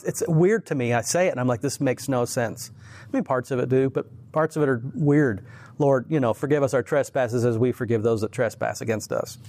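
A man who teaches at church, telling faith stories in an earnest, animated way in a casual conversation, often restarting his sentences. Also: medium pitch.

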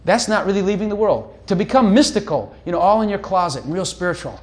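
A man's voice: sits high, animated, quick pace, few pauses. A middle-aged man preaching a sermon in a conversational, teasing way, often breaking off to ask "hello".

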